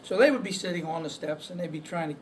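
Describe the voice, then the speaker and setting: A man telling a story to a group, halting often on fillers. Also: fairly high pitch. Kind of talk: casual storytelling. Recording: distant mic, faint background noise.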